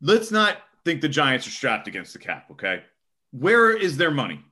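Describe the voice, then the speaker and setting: A young man giving casual sports podcast analysis, emphatic and animated, often tacking on "okay?". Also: fairly high pitch, normal speed. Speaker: co-host.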